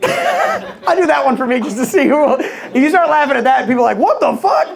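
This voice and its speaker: Gravelly comic before a laughing crowd. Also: male voice, extremely high pitch, sing-song, fairly quick. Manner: crude, rambling storytelling with quoted voices. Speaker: stand-up comedian. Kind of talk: stand-up comedy set. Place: comedy club before a live audience. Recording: live club audio with crowd. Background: audience laughter.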